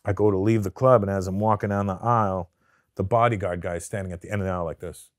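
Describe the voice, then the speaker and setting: Low-voiced profane comedian telling stories. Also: male voice, quick pace, no echo, studio quality. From Canada. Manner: profane, animated storyteller who acts out the people in his story. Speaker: comedian guest. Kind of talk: casual storytelling interview.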